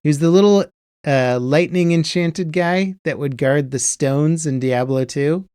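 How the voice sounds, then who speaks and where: Relaxed, rambling man on a podcast. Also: fairly high pitch, measured pace, clear, resonant tone, dry recording, studio quality. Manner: relaxed, rambling, nostalgic storytelling with many fillers. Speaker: podcast host. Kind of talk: casual chat.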